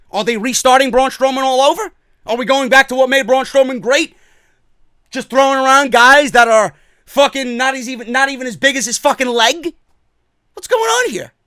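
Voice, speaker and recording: A man's voice: very high-pitched, bright, forceful tone, dry recording, studio quality. A man ranting his way through a wrestling show review, profane and sarcastic.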